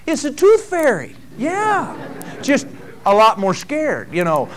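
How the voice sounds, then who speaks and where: Male preacher, high voice, conversational sermon, folksy asides. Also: huge pitch swings. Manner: reads scripture slowly, then tells homey stories with frequent asides.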